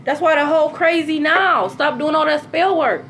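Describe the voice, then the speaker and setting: A woman talking in a casual, animated monologue as a spiritual content creator, cursing freely and swinging between low and high tones. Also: moderate pace, a little hiss or hum.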